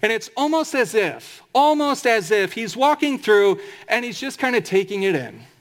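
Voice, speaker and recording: A man preaching a sermon as pastor, emphatic, slowing right down to draw out scripture quotes. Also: high-pitched, big pitch swings, fairly bright tone.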